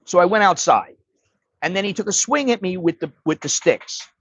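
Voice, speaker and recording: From his home livestream setup, this middle-aged man from the United States spins casual stories, cursing bluntly and restarting his sentences as he rambles. He has a high, slightly rough voice with lively intonation and a moderate pace. The lo-fi stream audio sounds dry and dull, without any room sound.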